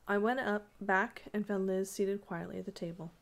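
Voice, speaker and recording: A woman's voice: medium pitch, normal speed, few pauses. Woman reading a classic story aloud. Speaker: audiobook reader.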